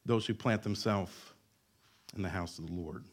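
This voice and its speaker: A man's voice: deep voice, moderate pace. A male pastor in his thirties preaching a sermon in a church, with emphatic repetition and joking asides.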